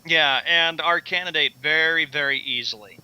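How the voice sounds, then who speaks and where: A man's voice: a little high, moderate pace, pushed and bright, smooth, rough recording. A man co-hosting a sports radio show, chuckling along as an agreeable sidekick in casual chat. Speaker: radio co-host.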